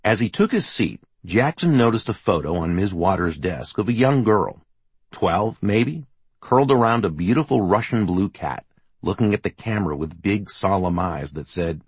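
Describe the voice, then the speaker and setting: A man narrating a novel as an audiobook, steady and measured. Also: low-pitched, slightly rough, no echo. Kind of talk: scripted narration.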